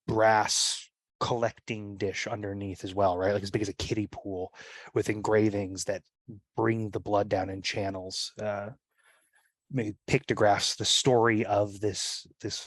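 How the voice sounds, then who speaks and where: A man's voice: lowish voice, no echo. A man playing a tabletop role-playing game, describing what his character does in a rambling, casual way. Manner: rambling, with many fillers like "like" and "right?". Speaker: player.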